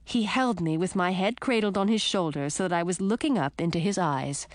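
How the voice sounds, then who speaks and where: A woman narrating a storybook in the first person with an expressive reading. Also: on the low side, a little fast, dry recording, studio quality. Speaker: audiobook narrator.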